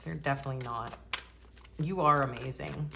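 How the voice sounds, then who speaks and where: A woman's voice: rumbling low, moderate pace, creaky, background noise. A woman giving a casual pick-a-card tarot reading in a chatty, cheeky way that often breaks into laughter. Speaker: tarot reader.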